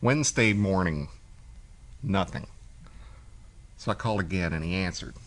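Low-voiced man telling a story. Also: moderate pace. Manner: animated storyteller, acts out quoted voices. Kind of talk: casual storytelling chat. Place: cigar shop.

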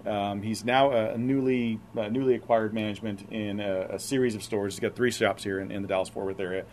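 Casting: man, laid-back podcast host, quick talker, light hiss behind. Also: on the low side. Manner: relaxed, rambling, laughs often. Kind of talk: casual podcast chat. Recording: faint background noise.

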